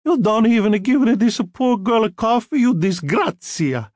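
A man's voice: sits high, huge pitch swings, slow pace, dry recording, clean studio sound, pitched above the performer's own voice, heavily acted. A man voicing a stout, bossy older Italian mother with a heavy accent and broken English, emphatic and scolding, in an audiobook reading. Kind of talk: audiobook narration.

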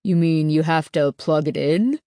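A woman reads aloud as a strange, childlike grown farmhand who speaks slowly and haltingly in a lowered voice. He sounds simple and superstitious. The reading is slow and dry, close to the mic. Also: a little mellow, dry recording. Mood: fearful.

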